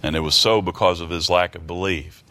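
A man's voice: deep voice, fairly even intonation, brisk, pushed and bright. A man preaching a sermon, reading scripture aloud and asking the congregation rhetorical questions in a folksy way, often repeating words. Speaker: pastor.

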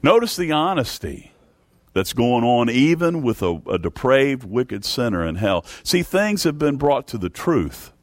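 A man preaching a sermon in a folksy way, dropping to hushed low tones and rising to loud pleading cries. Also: sing-song, a little slow, dry recording. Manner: folksy, addresses congregation as folks.

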